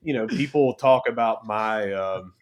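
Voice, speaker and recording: A man's voice: lowish voice, a little slow, slight background noise. Chatty man. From southern West Virginia. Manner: chatty, animated storyteller. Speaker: guest podcaster. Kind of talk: casual podcast interview.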